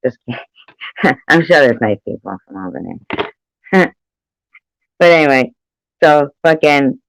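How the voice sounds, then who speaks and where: A woman's voice: low voice, expressive, slow, no echo, poor audio. A woman chatting casually on a live stream, rambling and swearing freely, laughing often between remarks. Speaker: livestreamer.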